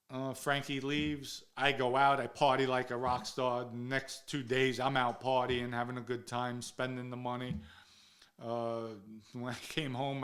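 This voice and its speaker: A man speaks at an everyday pitch. He tells tales from his past in a loose, casual way, with frank swearing. He voices the other people's lines as he goes. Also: fairly bright tone. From New York area. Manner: blunt and profane, acts out quoted dialogue. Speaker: guest recounting his own past. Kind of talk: casual first-person storytelling.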